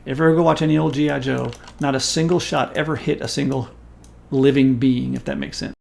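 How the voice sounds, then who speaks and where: Gravelly, animated man telling a story. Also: medium pitch, a little fast. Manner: animated, profane, emphatic storyteller. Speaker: stream host. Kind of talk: casual storytelling chat.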